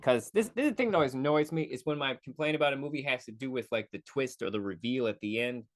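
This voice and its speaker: A man's voice: medium pitch, animated. Rambling man reviewing a movie. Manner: rambling, self-correcting, quick mock voices; profane asides. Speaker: podcast host. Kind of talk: casual solo movie review.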